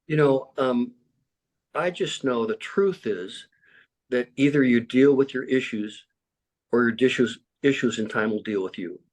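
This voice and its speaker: A man's voice: mid-range voice, measured pace. A middle-aged man candidly sharing life stories in an earnest, frank way, filled with "you know" and acted-out quotes. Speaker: speaker sharing life lessons. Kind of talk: candid personal storytelling.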